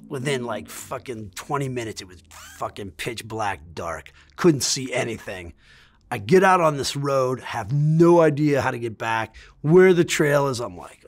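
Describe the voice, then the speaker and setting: A man's voice: mid-range voice, lively intonation, normal speed, a bit bright. A man telling a travel story in a rambling, casual way, swearing often and stammering as he restarts his sentences. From United States. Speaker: interviewee.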